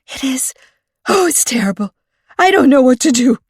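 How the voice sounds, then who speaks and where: Woman narrator putting on a frantic, high-pitched, soft-spoken library assistant, breathless and panicky, dry close audiobook read. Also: moderate pace, no echo. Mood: panicked. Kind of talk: audiobook character reading.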